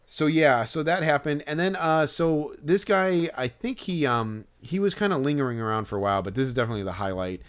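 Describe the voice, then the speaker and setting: A man's voice: on the high side, animated, fairly quick, few pauses, clean tone. A man co-hosting a podcast, telling a story in casual chat, rambling and hesitant with many fillers and restarts. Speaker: podcast co-host.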